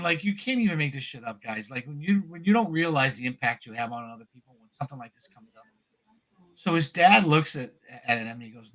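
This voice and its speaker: A man with a bright, forward voice and a slightly raised pitch, excitedly telling a long story on a casual hobby podcast. He stumbles over his words and gets worked up as he talks. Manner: animated, excitable storyteller with many restarts. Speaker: podcast co-host.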